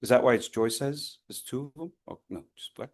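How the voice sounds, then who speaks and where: A man's voice: medium pitch, moderate pace, slight background noise. A man leading an online public speaking workshop over a video call, playful and teasing as he calls on participants.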